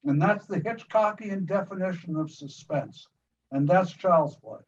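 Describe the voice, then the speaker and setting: The speaker is an older US filmmaker in an interview, telling in lively detail how he made a film. His fairly high voice stumbles through many fast restarts and repeated words, heard distantly and muffled over a faint hiss.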